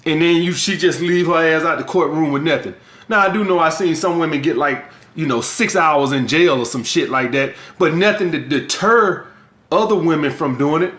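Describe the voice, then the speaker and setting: A man giving a blunt, profane opinion in casual talk, with halting restarts. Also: on the high side, a bit bright. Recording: echoey room.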